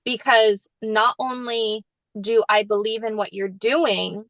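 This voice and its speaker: Chatty woman, bright higher voice. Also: slow, dry recording, rough recording. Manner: animated storyteller, heavy use of "like", jumps high when quoting others. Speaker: podcast co-host. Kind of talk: casual podcast chat.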